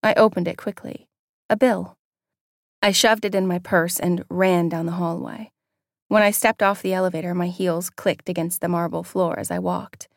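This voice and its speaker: A woman with a lowish, gravelly voice reads a first-person audiobook. Her delivery is candid and wry, and the recording is close and dry with no room sound. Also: fairly even intonation, moderate pace, no room sound. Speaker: audiobook narrator.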